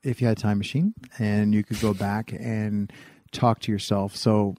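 A man's voice: lowish voice, little pitch movement, warm tone, a little hiss or hum. A man hosting a casual podcast, rambling and joking, often laughing at his own stories. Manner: rambling, jokey, quick to laugh. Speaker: podcast host.

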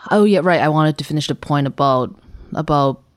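A woman's voice: low voice, fairly quick, no room sound, clean studio sound. A woman co-hosting a podcast, talking in a rambling, hesitant way with many fillers and laughs. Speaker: podcast co-host. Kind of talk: casual chat.

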